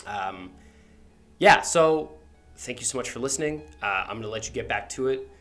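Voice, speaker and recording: Brief: laid-back male game master, mid-pitched, unhurried scene narration with filler words. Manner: relaxed, filler-heavy, describes scenes slowly.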